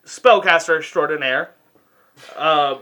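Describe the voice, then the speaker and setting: A man's voice: fairly high pitch, slow pace, sharp tone. A young man co-hosting a podcast who tells a rambling story, swearing heavily and laughing often. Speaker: podcast co-host. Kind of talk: casual storytelling chat.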